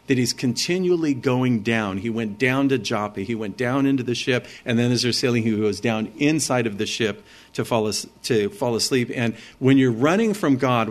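A man preaching a sermon, talking earnestly and conversationally as he explains the passage. His voice sits at an ordinary male pitch. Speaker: pastor.

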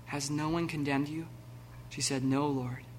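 A man preaching a sermon, animated and laughing, acting out the scenes with sudden loud bursts. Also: on the high side, unhurried, a little hiss or hum. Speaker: pastor.

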